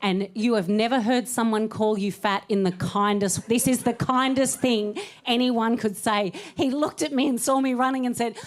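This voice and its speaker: A woman's voice: on the high side, normal speed, hardly any pauses. A woman in her thirties doing a stand-up set on a comedy club stage, chatty and self-mocking, laughing through her punchlines.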